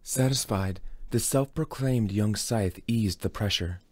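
A man with a low voice reads a novel aloud in steady, dramatic storybook narration. The recording is dry and close, with no room sound. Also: a little slow, no room sound. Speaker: audiobook reader.

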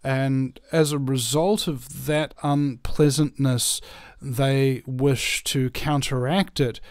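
A man's voice: medium pitch, fairly even intonation, slow, no room sound, clean studio sound. A man chatting on a talk show, rambling through ideas with fillers and restarts and telling stories with animation. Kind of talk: casual chat, storytelling.

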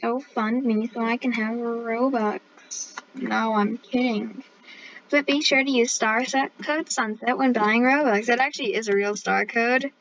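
A woman's voice: a little high, steady tone, unhurried, fairly bright tone, dull audio, a little hiss or hum. A female host chatting casually over gameplay, playful and joking, plugging her channel. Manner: playful, joking, self-promoting.

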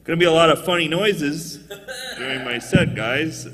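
Male stand-up comedian, bright voice, animated pitch, jokey, jumps into squeaky voices, long reverb of a live venue. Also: moderate pace, vocal fry.

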